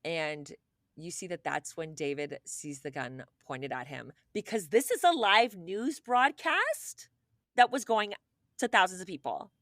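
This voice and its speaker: A young adult woman hosting a podcast, retelling a story with lots of swearing and "like", and acting out the quotes. Her voice sits a little low for a woman. The sound is close and dry. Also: measured pace, no room sound. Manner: animated, profane, lots of "like", acts out quoted people. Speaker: podcast co-host. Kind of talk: casual chat, storytelling a true case.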